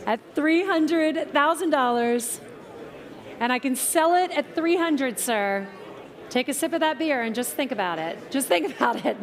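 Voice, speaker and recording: A woman working as an auctioneer at a live car auction, calling bids in brisk patter and teasing the bidders. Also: high voice. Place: auction tent at an outdoor car show.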